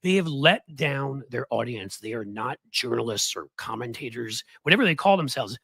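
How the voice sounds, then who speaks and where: A man hosting his own show, ranting about cable news hosts in sarcastic, heated political commentary with a husky voice. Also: lively intonation, normal speed, fairly bright tone, no room sound. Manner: sarcastic, heated, swinging pitch.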